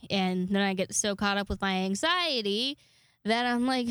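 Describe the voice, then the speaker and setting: A woman's voice: medium pitch, fairly quick, clean tone, no echo. A young woman hosting her own podcast alone, rambling casually with lots of swearing and self-deprecating asides. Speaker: podcast host. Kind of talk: casual solo podcast chat.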